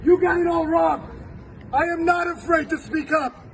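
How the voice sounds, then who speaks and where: A man of forty, a professor, giving a fervent rally speech, repeating his phrases and shouting at times. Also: very high voice, steady tone, normal speed, creaky. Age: 40s. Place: outdoors in a city. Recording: distant outdoor recording with crowd and street noise.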